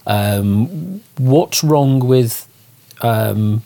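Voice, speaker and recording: A man's voice: mid-range voice, animated, extremely slow, vocal fry, warm tone. A man from Liverpool interviewing, asking thoughtful, probing questions with some hesitation. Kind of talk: conversational interview.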